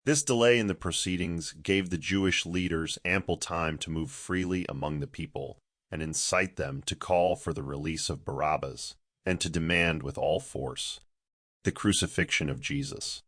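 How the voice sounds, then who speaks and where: Deep-voiced man narrating solemnly. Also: normal speed, a bit bright, dry recording, studio quality. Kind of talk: scripted narration.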